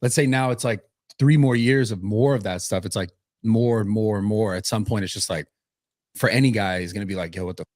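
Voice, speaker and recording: A man giving casual commentary in a clip, talking quickly with frequent restarts. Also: on the low side, a little mellow, no echo, clean studio sound.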